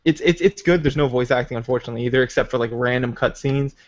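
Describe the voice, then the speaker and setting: A man hosting a podcast, chatting excitedly and rambling about video games. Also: medium pitch, quick pace, muffled recording. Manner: excitable, rambling gamer talk. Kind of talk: casual chat.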